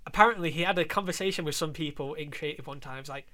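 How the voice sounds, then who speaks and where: A man co-hosting a podcast in casual chat, animated and sarcastic, laughing often. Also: a little high, fast talker. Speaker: podcast co-host.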